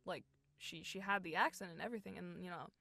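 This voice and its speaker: A woman chatting as a guest in a relaxed interview. Her voice is bright and clear, recorded close and dry. She talks animatedly, laughs a lot, and sometimes slips into a whisper. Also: on the low side, fast, no room sound. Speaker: voice actor guest. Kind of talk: casual interview chat. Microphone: home recording booth mic.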